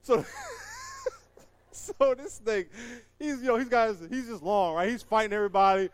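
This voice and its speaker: A man doing stand-up storytelling, animated and acting out the voices in his story while laughing at it himself. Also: sits high, moderate pace, dry recording. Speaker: comedian.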